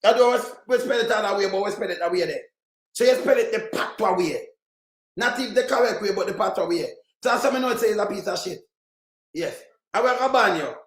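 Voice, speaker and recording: A man with a Jamaican accent ranting in heated, crude, repetitive online commentary, shouting at times. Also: high voice, a little fast. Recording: roomy echo.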